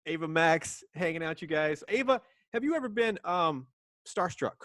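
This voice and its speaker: A man's voice: fairly high pitch, animated, moderate pace, a bit bright, dry recording. A man hosting a radio interview from his home, enthusiastic and plugging his guest between rambling questions. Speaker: radio host. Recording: dry remote interview from home.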